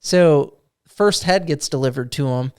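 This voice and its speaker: A man with a smooth, resonant voice chats casually as he recounts the last session he ran as game master. He tells it as a loose story and drops in quick lines in the voices of goblins and players. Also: fairly high pitch, a little mellow. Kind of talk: casual chat.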